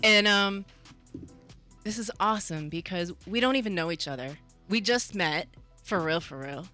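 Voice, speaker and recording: A woman hosting a casual radio talk show about mental health, chatty and quick to laugh. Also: fairly low pitch, sharp tone, soft background music.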